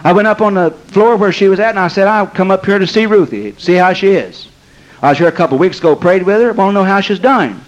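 An older man preaching a sermon, telling stories in a folksy, emphatic way and drawing out key phrases slowly. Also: high-pitched, lo-fi sound. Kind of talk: sermon with storytelling.

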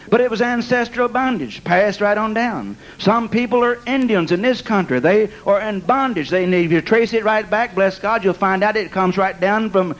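In a low-quality recording, a man with a noticeably high, fairly bright voice gives a storytelling sermon. He laughs along with his own testimony, dotting it with "amen," "bless God" and "praise God."

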